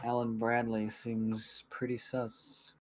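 A man's voice: mid-range voice, completely flat delivery, slow pace, a bit bright. A man playing a video game live and chatting casually with friends, chuckling as he goes. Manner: laid-back, chuckling while playing. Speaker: gameplay streamer. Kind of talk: casual let's-play commentary.

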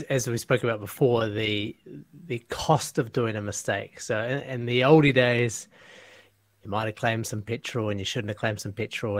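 A man on a webinar video call panel, talking in a relaxed, brief and agreeable way. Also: fairly low pitch.

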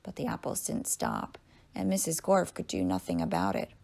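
A woman's voice: a bass voice, huge pitch swings, moderate pace, darkish tone. A woman librarian reading a children's book aloud and then signing off to listeners. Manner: clear, storytelling read-aloud.

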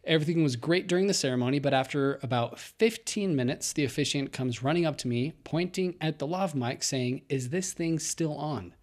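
A man's voice: on the high side, brisk, few pauses. A young man co-hosting a podcast, reading a listener's story aloud and chatting, laughing often as he talks. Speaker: podcast co-host.

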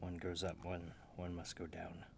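A young man making a beat in his office, joking at himself, loud one moment and mumbling the next, still waking up. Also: sits low, completely flat delivery, normal speed, creaky, a little hiss or hum. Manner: joking, self-mocking, swings between loud and mumbled. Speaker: music producer. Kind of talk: casual talk while making a beat. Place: home office.

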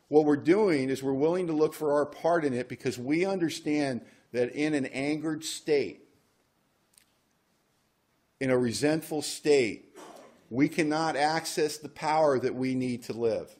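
A man's voice: mid-range voice, darkish tone. A man leading a recovery workshop, talking casually with joking asides and reading passages aloud. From United States. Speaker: workshop speaker.

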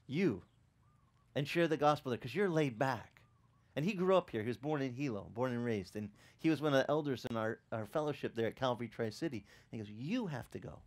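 Middle-aged male pastor, sermon, lively storyteller who acts out quotes, wide pitch swings. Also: a little fast.

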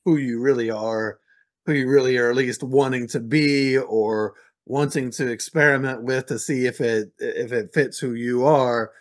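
Man, podcast host, interview, calm, reflective. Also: medium pitch, moderate pace, dry recording, studio quality. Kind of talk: casual interview commentary.

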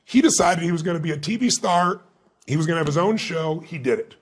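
A man's voice: fairly high pitch, quick pace, slightly rough. A man being interviewed as a guest speaker and author, telling stories emphatically and acting out the dialogue he quotes. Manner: animated, emphatic storyteller who acts out quoted dialogue. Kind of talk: interview storytelling.

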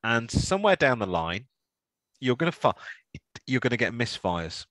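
A man's voice: mid-range voice, big pitch swings, normal speed, a bit bright, no echo. A man co-hosting a car podcast in a casual, jokey, rambling chat. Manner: chatty, jokey, rambling with restarts. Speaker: podcast co-host.

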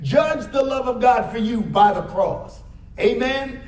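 A man delivers a sermon with a strikingly high voice, drawing his words out slowly and breaking into emphatic bursts. His voice rings through a roomy church sanctuary, picked up from a distance. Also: expressive, darkish tone. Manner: preaching with frequent "Amen?" call-outs, emphatic rises. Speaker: pastor. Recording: echoey church hall, mic at a distance.

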